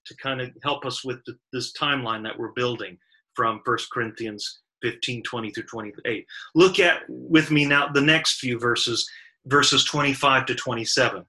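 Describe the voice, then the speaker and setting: A man's voice: mid-range voice, normal speed, sharp tone, poor audio. A man giving a Sabbath Bible study lecture, working carefully through verses and stressing strings of verbs one by one. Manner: methodical, stressing lists of verbs with emphasis. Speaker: Bible teacher.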